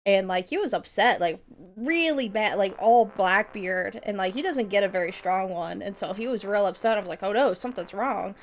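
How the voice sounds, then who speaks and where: A woman's voice: mid-range voice, lively intonation, normal speed, a little hiss or hum. A woman streamer chatting casually, rambling with lots of laughter and swearing. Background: metal music.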